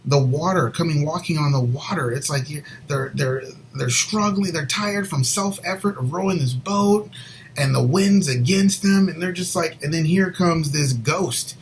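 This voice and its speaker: A man co-hosting a Christian show, sharing a personal faith story in an earnest, rambling way and sometimes dropping to a soft near whisper. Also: on the high side, normal speed, slight background noise, rough recording. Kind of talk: personal faith testimony, casual chat.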